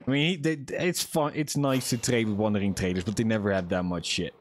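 A man's voice: mid-range voice, a little slow, long pauses, slight background noise. A young man chatting casually to viewers while livestreaming a game, joking and swearing as he plays. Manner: chatty, profane, jokey self-talk to viewers. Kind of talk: casual gaming livestream chat.

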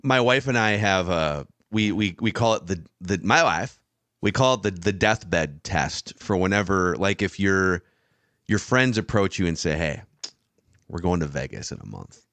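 A man's voice: low-pitched, measured pace, a bit bright, no echo. A man co-hosting a sports podcast, making emphatic points in long run-on stretches. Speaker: podcast co-host. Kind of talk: casual sports chat.

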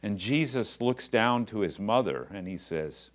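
A man's voice: on the low side, animated, a little slow. A man preaching a sermon as pastor, talking conversationally and then building to passionate, rising emphasis. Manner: conversational asides with quiet drops.

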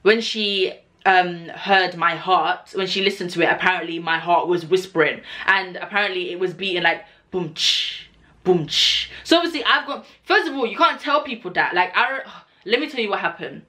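A woman in her twenties, telling stories casually in a Q&A vlog, animated and swearing as she acts out what people said. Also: on the low side, a little fast. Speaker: vlogger, cabin crew member. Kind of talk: casual storytelling Q&A.

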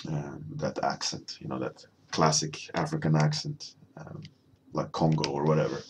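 A man's voice: rumbling low, level tone, moderate pace, a little hiss or hum. A man chatting casually while he paints on a live stream, rambling with many fillers and reading viewer chat. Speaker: artist streaming a painting warmup.

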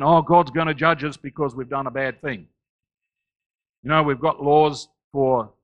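A man preaching a sermon as a pastor, swinging between loud rising declarations and low, quiet asides. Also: low-quality recording. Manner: rises loud on key phrases, drops low and quiet between.

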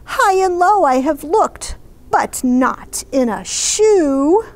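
A woman reading a mother's relieved lines from a picture book in her own soft voice. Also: high-pitched, lively intonation, slow pace, exaggerated voice. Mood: tender.

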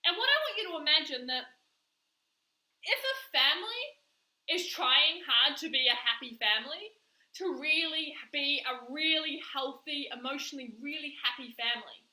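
High bright-voiced woman on a live stream, super animated, kinda echoey room. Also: normal speed. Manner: emphatic, repeats words for stress. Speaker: manifestation coach. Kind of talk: live-streamed motivational talk.

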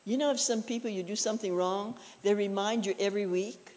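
A woman's voice: medium pitch, steady tone, brisk, darkish tone, long reverb tail. A woman preaching a conversational sermon, telling personal stories in a folksy way with frequent "you know" asides. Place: church.

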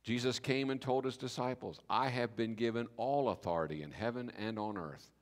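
A man preaching a sermon as pastor, telling the story with lively acted-out dialogue. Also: mid-range voice, moderate pace. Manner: animated storytelling, acting out biblical speakers in voice. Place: church sanctuary. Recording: reverberant church hall.

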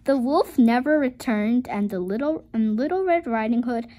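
A woman reading a picture book aloud to her viewers, with expressive storytelling and chatty asides. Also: a little high, moderate pace. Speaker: storybook reader.

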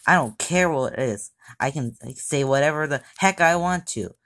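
A woman voicing a bratty young logo character in a whiny tantrum, shouting rudely in an amateur skit. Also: sits low, lively intonation, moderate pace. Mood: sulky.

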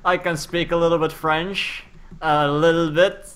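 A man's voice: on the high side, unhurried. Playful man gaming. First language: Dutch. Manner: playful, excitable, jokey. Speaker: gamer. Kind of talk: casual gameplay chat. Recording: clear background noise.

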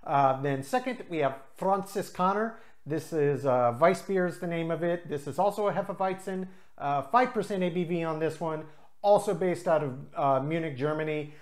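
Hosting his own channel, a craft beer reviewer tastes beers and explains them in an unscripted, chatty style full of filler pauses. His voice is mid-range.

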